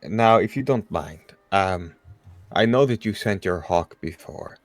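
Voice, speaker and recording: A man's voice: low-pitched, animated, unhurried, no room sound. A man playing a tabletop role-playing game, talking in character with hesitant, playful phrasing. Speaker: player. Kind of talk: casual tabletop game chat.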